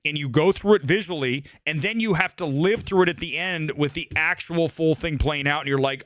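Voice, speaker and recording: A man's voice: fairly high pitch, fairly quick, few pauses, fairly bright tone, dry recording, clean studio sound. A middle-aged man hosting a live movie-talk stream, ranting bluntly and profanely while reading chat. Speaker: host.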